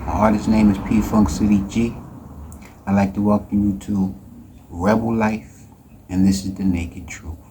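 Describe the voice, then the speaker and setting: A man hosting and introducing his channel in a calm, declarative way. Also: on the low side, normal speed, long pauses, low-quality recording. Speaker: host.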